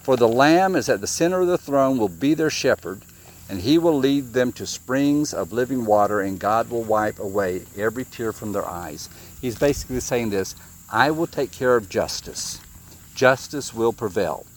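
A man's voice: medium pitch, animated, normal speed, a little hiss or hum. A man giving an informal sermon, reading scripture and asking his listeners questions, often repeating himself. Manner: conversational, questions the audience, repeats words. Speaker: preacher.

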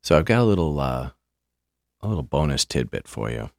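A man hosting a podcast, telling a story casually in a halting way, often repeating words, with dry understatement. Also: rumbling low, sing-song, a little mellow, no room sound. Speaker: podcast host.

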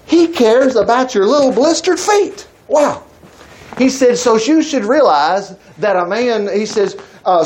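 A man preaching a folksy, emphatic sermon, reading scripture and adding excited asides. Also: high-pitched, slight background noise.

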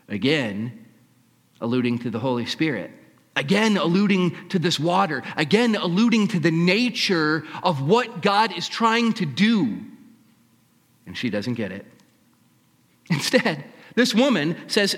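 Male preacher, fairly high voice, dramatic storyteller, long hall echo. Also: sing-song, measured pace. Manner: dramatic storytelling, shifting between hushed and raised. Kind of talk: sermon.

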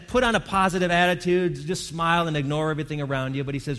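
A middle-aged male pastor preaches a sermon in a relaxed, conversational way, restarting phrases and now and then surging into emphatic bursts. His voice sits a little high for a man. A long reverb from a church hall trails his words. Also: fast, hardly any pauses.

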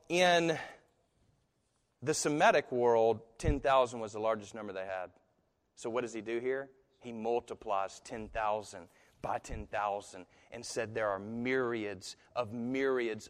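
Animated man preaching in an echoey hall. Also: medium pitch. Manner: conversational, animated storytelling with asides and laughs. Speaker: pastor. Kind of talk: sermon.

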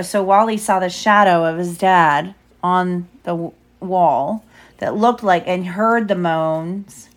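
A mother reading a picture book aloud to her child, pausing to explain pages and ask questions. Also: fairly low pitch. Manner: stops to explain and quiz the child.

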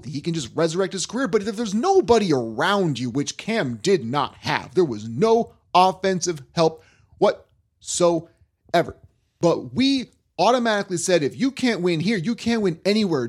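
A man hosting a sports talk podcast, ranting in a worked-up, animated way. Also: sits high. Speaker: podcast host.

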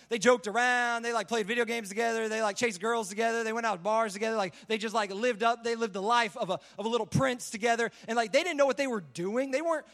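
A man's voice: very high voice, fairly bright tone. A young man preaching a sermon in a casual, conversational way, often saying "like" as he retells a Bible story. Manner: conversational, says "like" a lot.

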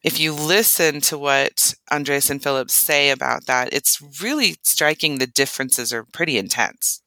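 Bright, crisp-voiced woman podcast host. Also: moderate pace, dry recording. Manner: earnest, acts out quoted lines with lifted pitch. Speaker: podcast co-host, relationship coach. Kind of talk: explanatory podcast talk.

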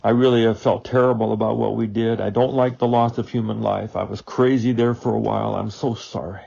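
A man voicing a repentant male terrorist leader who begs for forgiveness in a soft, pleading way. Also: fairly low pitch, steady tone, brisk, gravelly, lo-fi sound. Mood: pleading, remorseful.

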